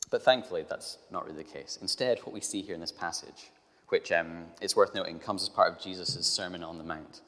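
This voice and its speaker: A man's voice: low-pitched, a bit bright. A man giving a sermon, telling a comic everyday story with exasperated asides. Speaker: preacher. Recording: long hall reverb.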